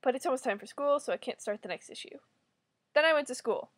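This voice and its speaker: A young woman reading her own liveblog aloud, ranting in exasperation and swearing loudly. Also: sits high, expressive, quick pace, no room sound.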